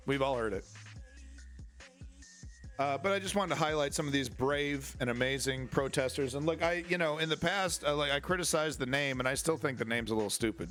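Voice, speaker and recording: Man, online commentary host, profane ranting, bright sharp voice, fairly high. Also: normal speed, faint music behind. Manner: profane, combative, sarcastic.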